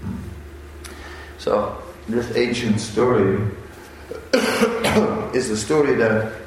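Slow-spoken man telling a story in an echoey room. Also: medium pitch, big pitch swings, far from the mic, a little hiss or hum. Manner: halting, unhurried storyteller who briefly voices quoted characters. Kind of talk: storytelling religious talk.

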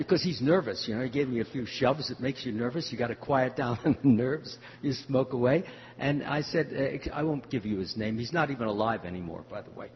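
An older man giving a devotional talk, telling a story in a halting way with many fillers. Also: medium pitch. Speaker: spiritual teacher. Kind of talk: devotional talk answering questions. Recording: muffled hall recording with faint hum.

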